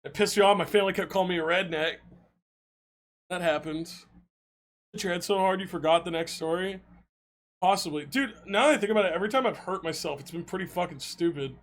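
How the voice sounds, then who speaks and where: A young adult man streaming, telling stories to his chat in an animated, laughing way with frequent swearing. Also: sits high, a little fast. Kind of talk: casual storytelling to chat.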